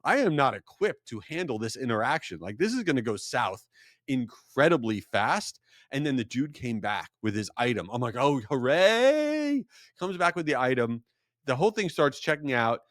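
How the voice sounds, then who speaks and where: A man hosting a podcast, telling a story in an animated, rambling and self-deprecating way. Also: mid-range voice, moderate pace, dry recording, clean studio sound. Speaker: podcast host. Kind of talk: casual storytelling monologue.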